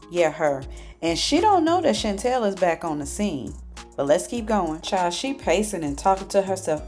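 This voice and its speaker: A woman's voice: fairly low pitch, darkish tone. A woman reviewing a TV show in a chatty casual recap full of sassy asides.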